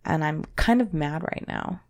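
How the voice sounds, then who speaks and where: Woman, podcast co-host, low voice, gravelly, halting, self-doubting, swears casually. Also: expressive, a little mellow. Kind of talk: candid conversational podcast talk.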